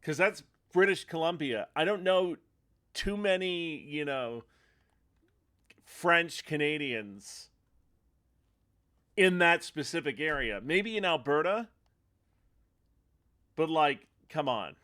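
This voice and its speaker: A man's voice: fairly high pitch, lively intonation, slow pace, pauses often, bright, forceful tone. Rambling, chatty male streamer. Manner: rambling, chatty, laughs often. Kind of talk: casual chat over gameplay. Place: home streaming setup.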